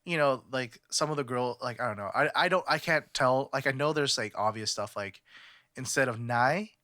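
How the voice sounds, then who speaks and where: A man's voice: medium pitch, moderate pace, pushed and bright, no room sound, clean studio sound. A young man from California chatting on a podcast, rambling with lots of fillers and restarts. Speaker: podcast co-host. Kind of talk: casual podcast chat.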